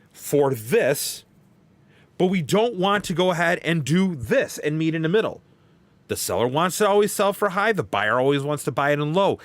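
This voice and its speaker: Man, podcast host, high voice, folksy emphatic rant, dry sound. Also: a bit bright, no room sound. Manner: folksy, emphatic, repeats catchphrases. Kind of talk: casual podcast talk.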